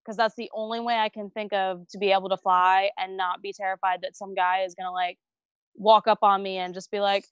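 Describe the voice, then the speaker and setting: Earnest woman, smooth dry voice. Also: mid-range voice, flat delivery, a little fast, no room sound, dull audio. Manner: earnest, candid about fears. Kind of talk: casual chat.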